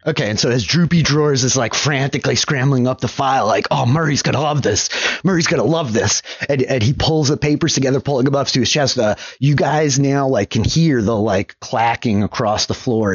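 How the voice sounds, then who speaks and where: Husky guy running a tabletop game, dry close sound, kinda muffled. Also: mid-range voice, moderate pace, hardly any pauses, dry recording. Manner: loose, filler-heavy narration. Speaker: game master.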